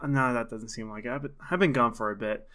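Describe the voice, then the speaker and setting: A man acting out a frantic man who is left behind, speaking in a put-on accent and breaking into panicked shouts. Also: mid-range voice, fast, natural voice. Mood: grumbling.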